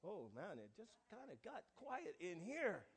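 Male pastor, very high voice, sermon delivery that surges loud then drops to a hush. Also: wildly swooping pitch, unhurried, husky. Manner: swings between hushed asides and loud emphatic proclamations. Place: church.

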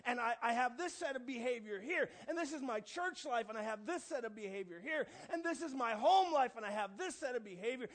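Male pastor, very high voice, sermon delivery that surges loud then drops to a hush. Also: animated, fairly quick, hardly any pauses. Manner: swings between hushed asides and loud emphatic proclamations. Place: church.

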